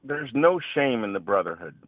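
A man, a veteran and radio guest, talking earnestly about his service, halting and restarting often. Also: medium pitch, very animated, no room sound, narrow, tinny audio. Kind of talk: radio interview.

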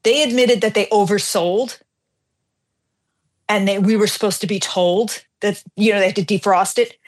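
A middle-aged woman hosting a radio show, telling a story in a casual, animated, self-deprecating way and acting out the dialogue. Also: medium pitch, moderate pace.

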